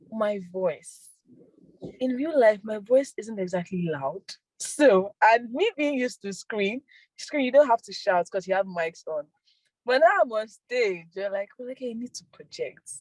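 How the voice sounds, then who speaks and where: A young woman, an actress and filmmaker, giving soft-spoken casual interview answers with frequent laughs. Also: fairly high pitch, animated, a little slow, dry recording, rough recording. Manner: soft-spoken, laughs often, repeats words.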